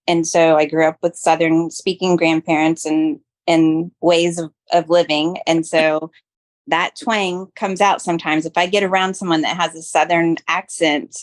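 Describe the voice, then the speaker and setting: An American woman from Florida co-hosting a podcast, chatting animatedly and laughing often. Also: sits low. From Florida, United States. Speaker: podcast co-host. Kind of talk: casual chat.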